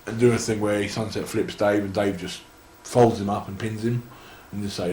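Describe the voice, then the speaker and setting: A very deep-voiced young man with an English accent, chatting loosely through a long anecdote and often circling back to restart his sentences. The sound is roomy and echoey, with a faint hiss underneath. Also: fairly even intonation, normal speed, darkish tone. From England. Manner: rambling anecdotes full of restarts and laughter. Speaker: interview guest, wrestler. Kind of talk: casual storytelling. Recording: echoey room.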